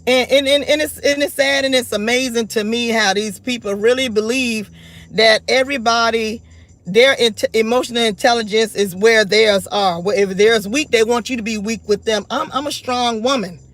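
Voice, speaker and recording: A woman's voice: a little high, normal speed, fairly bright tone. A woman in her forties talking straight to camera in an unscripted rant, blunt, defiant and emphatic. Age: 40s. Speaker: vlogger.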